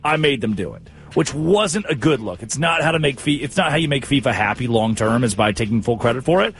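A man hosting a sports talk show, telling stories in animated, jokey, rambling banter. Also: mid-range voice, brisk, soft background music. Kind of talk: casual comedic radio banter.

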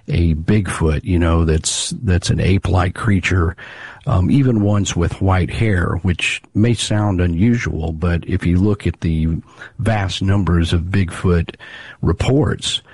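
A deep-voiced man with a husky, slightly rough tone talks through his research in a measured, explanatory way. The sound is dry and close, with no room echo. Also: a little mellow. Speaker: researcher of local monster legends. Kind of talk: interview answers.

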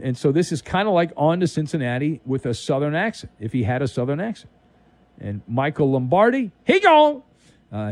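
A male radio host riffing through a late-night sports monologue, his pitch swinging wildly as he punches up the jokes. His voice sits a little high for a man. The studio sound is close and dry, with no room around it. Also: dry recording. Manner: animated, wisecracking delivery with dramatic emphasis. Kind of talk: overnight sports talk monologue.

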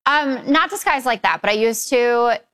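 A woman's voice: fairly high pitch, moderate pace, a bit bright. A woman on a talk panel, chatting casually in a hesitant, easygoing way. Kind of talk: casual chat.

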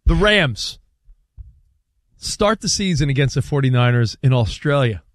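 A man co-hosting a sports talk show, excitedly walking through a team's schedule in casual debate. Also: medium pitch, measured pace, no echo, studio quality.

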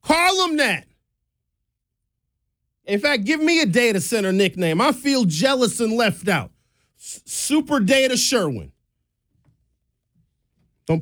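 A man in his thirties hosts a talk-radio show, speaking in a mid-pitched voice with blunt, animated opinions and quick sarcastic asides. The studio sound is dry and close. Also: no room sound.

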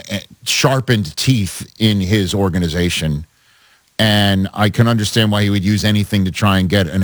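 A man's voice: fairly low pitch, no echo. A man co-hosting a sports debate, pressing his partner with pointed questions. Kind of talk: casual debate chat.

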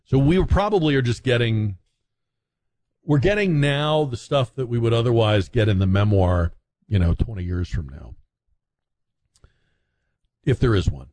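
A man's voice: mid-range voice, animated, a little mellow. A male radio talk host speaks in a dry, sardonic way. He sounds at ease in the studio and often interrupts callers to argue his own point. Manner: wry, quick to interject, sardonic.

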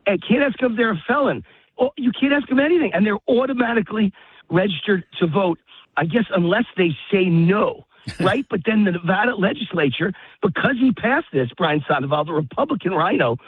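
A man's voice: sits high, expressive, husky, no room sound. A man on a phone call to a radio show, out of breath from walking his dog in a park, ranting emphatically and indignantly about politics. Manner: emphatic, indignant, rapid-fire grievance. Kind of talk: political talk radio rant. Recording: tinny phone line.

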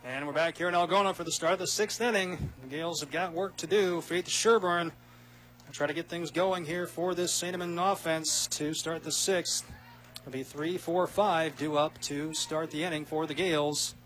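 A man doing play-by-play radio commentary of a softball game, quick and rising with big plays. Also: fairly high pitch, steady tone, faint music behind. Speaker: play-by-play announcer.

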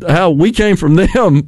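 A man's voice: high voice, slow, a little mellow, no echo. An older man with a Southern American accent, chatting casually, rambling and chuckling as he loses his thread. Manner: rambling, chuckles often, trails off mid-thought. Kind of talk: casual chat.

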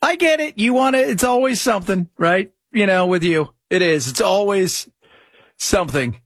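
Mocking male commentary host, husky, very lively pitch. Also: normal speed, no room sound. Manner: mocking, laughs loudly at his own jokes. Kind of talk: sarcastic reaction commentary.

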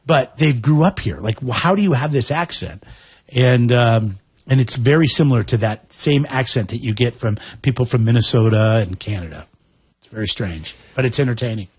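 Casual podcast co-host, male, husky tone, dry close sound, rambling delivery. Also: medium pitch, expressive, moderate pace, no echo. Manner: rambling, amused, full of fillers. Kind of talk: casual chat.

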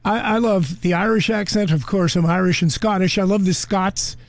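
High-voiced chatty male radio host. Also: normal speed, no echo. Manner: chatty, loose, with frequent fillers. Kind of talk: casual radio chat. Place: radio studio. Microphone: studio microphone.

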